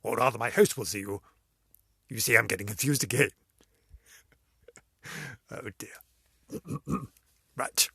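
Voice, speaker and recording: A man's voice: on the low side, normal speed, creaky, pauses often, bright, forceful tone, slightly rough, no room sound, studio quality. A man hosting his own video series, rambling through a comic sign-off, giggling and repeating himself.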